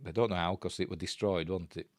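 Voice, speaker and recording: A man's voice: deep voice, steady tone, quick pace, no echo, studio quality. A man with a Yorkshire accent, hosting a casual news live stream and reading out articles with chatty asides. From Yorkshire, England. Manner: chatty and digressive, breaks off into asides.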